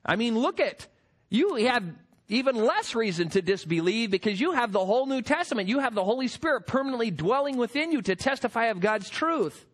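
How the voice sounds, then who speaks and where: Lively high-voiced male preacher. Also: a little fast. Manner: emphatic, rising to forceful peaks. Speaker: pastor. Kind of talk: sermon.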